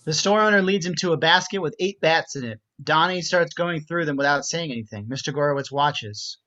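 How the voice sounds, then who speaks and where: A man reads stage directions in a clear, matter-of-fact voice. His tone is bright and sharp. The recording sounds dull and lo-fi. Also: a little high, fairly quick. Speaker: narrator reading stage directions. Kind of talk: script reading narration.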